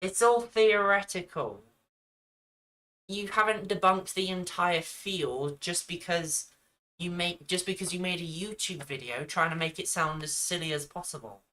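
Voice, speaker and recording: Woman ranting at a video she's reacting to, slow talker, sharp bright voice. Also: fairly low pitch, low-quality recording. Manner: exasperated, argumentative, talks back at the screen. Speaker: commentary youtuber reacting to a video. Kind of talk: reaction commentary.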